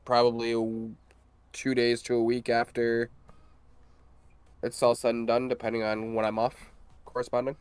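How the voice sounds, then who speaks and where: A man's voice: mid-range voice, monotone, moderate pace, pauses often, clean tone. A man joking and rambling in casual chat with friends on a stream.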